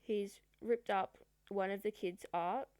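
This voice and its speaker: A woman's voice: mid-range voice, fairly even intonation, takes it slowly, darkish tone, no room sound. A woman vlogger telling a personal story in a chatty, rambling way, with many fillers. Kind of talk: storytime vlog.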